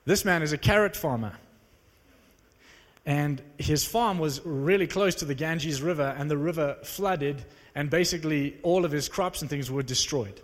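A preacher man telling stories from the pulpit with a slightly high voice. He acts out the dialogue with animated energy, and his voice rings with the long reverb of a big hall. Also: normal speed. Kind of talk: sermon with storytelling.

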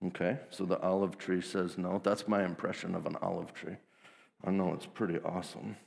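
A man's voice: low voice, level tone, brisk, creaky, darkish tone. Guy preaching casual and jokey, slangy, big echoey hall. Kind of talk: casual sermon storytelling. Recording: long hall reverb.

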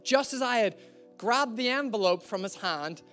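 A man preaching a sermon in a conversational, storytelling way, slowing down to stress key lines. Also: high voice, lively intonation, bright, forceful tone, faint music behind.

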